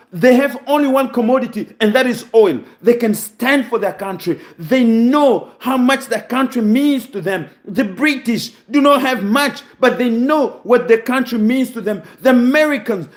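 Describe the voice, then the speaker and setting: A Congolese man giving an impassioned, preaching monologue, full of rhetorical questions and close to tears with emotion. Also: very high voice. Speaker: channel host.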